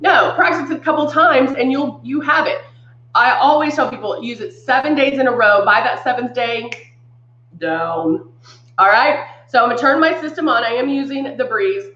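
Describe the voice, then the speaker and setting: A woman's voice: sits high, normal speed, sharp tone, reverberant, highs cut off. A woman hosting a live makeup demonstration, chatting upbeat with viewers and greeting them by name, a little congested. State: congested from sinus trouble. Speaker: makeup brand live-stream host.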